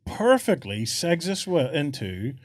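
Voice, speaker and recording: A man hosting a casual tabletop gaming chat show, playful and quick to laugh. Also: on the high side, slight background noise. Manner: giggly, playful, animated. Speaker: podcast host.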